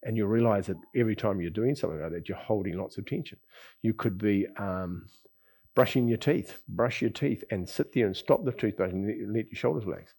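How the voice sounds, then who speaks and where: A man teaching a qigong class, talking in an easygoing, rambling way with sighs and soft chuckles. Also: fairly low pitch, fairly quick. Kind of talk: relaxed spoken class talk. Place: lives in Bali.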